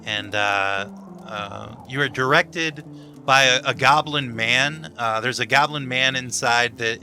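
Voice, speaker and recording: A man narrating a tabletop game as game master, relaxed and laughing often. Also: mid-range voice, slow, soft background music.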